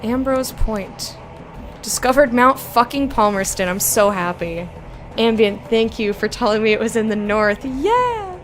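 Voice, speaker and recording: Young woman streamer playing a game, swears a lot, gets excited, chats w viewers, reads text out slow. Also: on the high side, faint music behind. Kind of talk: blind let's-play commentary, chatting with viewers.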